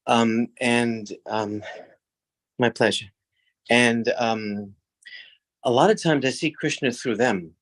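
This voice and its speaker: A man sharing a personal story on a video call, hesitant with many pauses and restarts, acting out voices as he tells it. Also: mid-range voice, fairly bright tone, dry recording, rough recording. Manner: acts out voices in his story. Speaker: class participant.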